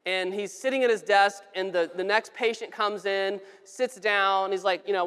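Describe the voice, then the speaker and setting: Direction: preach like a relaxed pastor chatting with the congregation. Keep it casual, drop in a light joke now and then, restart a phrase when you need to, and let the words ring out in a big church with a long echo. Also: mid-range voice, moderate pace, few pauses, clear, resonant tone. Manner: casual and humorous, with frequent restarts. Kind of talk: conversational sermon. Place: church sanctuary.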